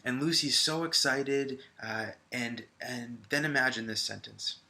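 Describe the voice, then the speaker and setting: Bright-voiced man teaching a lesson. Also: medium pitch, unhurried, creaky. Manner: conversational with frequent fillers, addresses viewers directly. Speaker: high school English teacher. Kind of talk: recorded classroom video lesson.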